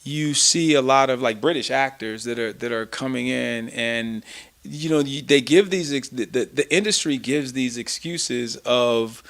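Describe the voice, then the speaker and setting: Creaky, bright-voiced man, impassioned. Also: mid-range voice, expressive, moderate pace. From United States. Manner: impassioned, emphatic, stumbling restarts. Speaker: actor, interview guest. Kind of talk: casual interview talk.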